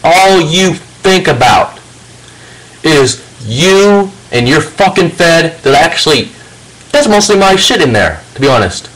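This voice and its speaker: Ranting, higher-voiced man. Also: sing-song, takes it slowly, fairly bright tone, low-quality recording. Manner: confrontational, swears heavily, addresses a rival directly. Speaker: video channel host. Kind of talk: angry profane rant to camera.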